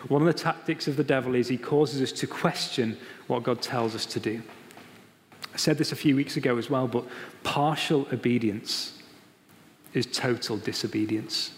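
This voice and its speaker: Emphatic preacher in reverberant hall. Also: male voice, medium pitch, fairly even intonation, slight background noise. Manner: emphatic, repeats key phrases, slows down for stress. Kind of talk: sermon. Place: church.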